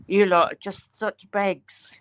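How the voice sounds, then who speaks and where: A woman reacting with teasing, drawn-out remarks. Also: mid-range voice, little pitch movement, clean tone, poor audio.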